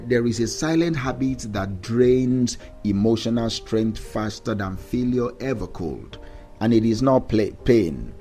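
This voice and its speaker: A man's voice: lowish voice, dark tone. A man hosting a daily mindset podcast, giving an emphatic motivational talk that repeats its key lines and checks in with "all right?". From Africa. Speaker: mindset coach and podcast host.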